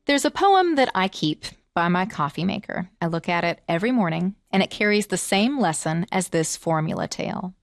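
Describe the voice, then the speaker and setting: A woman teaching and reading children's stories aloud, expressive and asking the listeners questions. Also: fairly low pitch, normal speed, hardly any pauses, dry recording. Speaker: storyteller teacher. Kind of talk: children's story reading and lesson.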